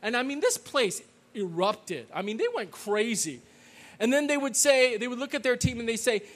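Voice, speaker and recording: A man's voice: very high voice, moderate pace. A middle-aged man telling a story to a live audience, checking in with "okay?" and "right?" after nearly every line. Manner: animated, peppers lines with "okay?" and "right?"; loud call-and-response chanting with the audience.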